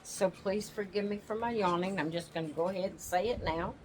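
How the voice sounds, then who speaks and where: A woman hosting her own channel, chatting casually from her rocking chair at home in a slow, homey, rambling way and yawning now and then. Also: mid-range voice, a little hiss or hum, poor audio. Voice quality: slow, drawling, yawns often. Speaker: channel host. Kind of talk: casual chat.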